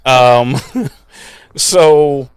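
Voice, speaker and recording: A man's voice: mid-range voice, very slow, smooth, no room sound. A man co-hosting a podcast, retelling a TV episode in a rambling, laughing, profane way. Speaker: podcast co-host. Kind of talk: casual chat.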